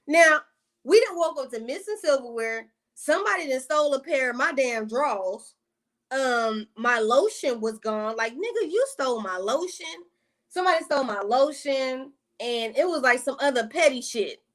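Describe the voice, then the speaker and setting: A woman vlogger spins a casual storytime in a fairly high voice. She curses freely, piles on slangy asides and sounds thoroughly exasperated. Now and then she breaks off to greet her viewers. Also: expressive, normal speed, a bit bright.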